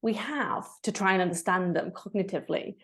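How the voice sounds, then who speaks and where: A woman, a guest on a podcast, talking about emotions in a warm, animated way, often saying "like" and "you know". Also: mid-range voice, a little fast. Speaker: guest, breathwork facilitator. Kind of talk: casual interview chat.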